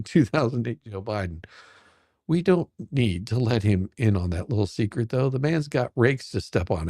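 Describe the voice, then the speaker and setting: A man's voice: on the low side, warm tone, dry recording, studio quality. A man hosting casual news commentary, mocking and laughing often. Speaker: host.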